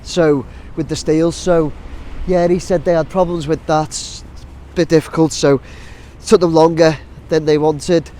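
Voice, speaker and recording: Man with a stuffy cold, rambling outdoor vlog, fairly high voice, faint site noise behind. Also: steady tone, measured pace, few pauses, dark tone. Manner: rambling, many ums and restarts. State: blocked nose from a cold. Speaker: drone vlogger. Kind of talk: casual outdoor vlog chat. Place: outdoors by a busy building site. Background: faint site and traffic noise, wind.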